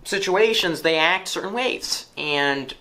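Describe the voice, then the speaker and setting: A man rambling off-script for a comedy sketch, halting with fillers and restarts. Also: sits high, lively intonation, bright, forceful tone, a little hiss or hum. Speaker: comedy performer. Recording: echoey room.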